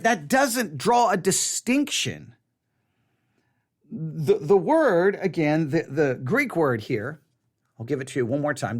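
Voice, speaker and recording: A man's voice: sits high, fairly bright tone. A man leading a Bible study, teaching earnestly, often restarting his sentences and hammering points through repetition.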